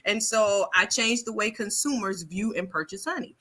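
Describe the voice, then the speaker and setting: A woman's voice: medium pitch, moderate pace. A woman chatting casually on a podcast, telling a story with lots of laughter and acting out the people in it. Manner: animated storyteller, acts out quotes, laughs often. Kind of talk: casual chat.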